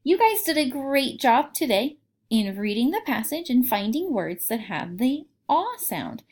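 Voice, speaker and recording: Slow, clear woman teaching phonics. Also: high-pitched, very animated, darkish tone. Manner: slow, clear, sounding out words. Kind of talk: phonics lesson for young children.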